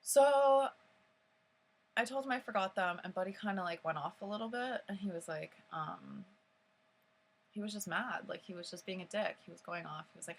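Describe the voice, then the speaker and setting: Young woman vlogger, lowish gravelly voice, casual rambling storytime with lots of swearing. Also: normal speed, slight background noise, poor audio. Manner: rambling, many fillers, frequent swearing.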